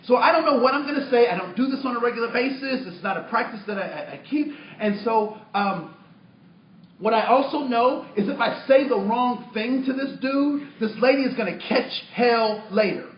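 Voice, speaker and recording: A man leads a training workshop, telling a story in an animated way and acting out his own lines with many restarts. His voice sits high. The sound is distant and roomy, a little muffled. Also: normal speed, a little hiss or hum. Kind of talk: storytelling talk to a workshop audience. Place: training room with audience.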